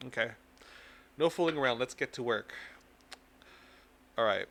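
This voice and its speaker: A man's voice: mid-range voice, normal speed, fairly bright tone. A man hosting a casual tarot reading live stream, playful and teasing with his viewers.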